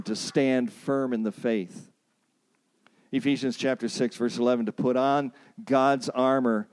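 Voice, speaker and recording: Earnest man teaching a church counseling seminar. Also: a little mellow. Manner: earnest, emphatic, repeats key points for emphasis; acts out pleading phrases in a higher voice.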